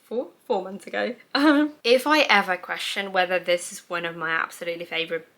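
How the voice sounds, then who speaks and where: Bright-voiced woman gushing over books. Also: fairly low pitch, animated, brisk. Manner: gushing, rambling, self-mocking, laughs at herself; reads her own notes aloud. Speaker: book vlogger. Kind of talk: casual book review chat.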